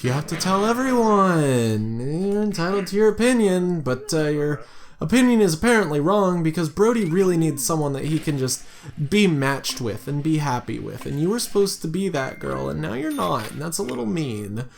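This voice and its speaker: A man's voice: fairly high pitch, expressive, fairly quick, creaky, darkish tone. A tired man giving casual, rambling gameplay commentary late at night, thinking aloud with jokey asides. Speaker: let's play host.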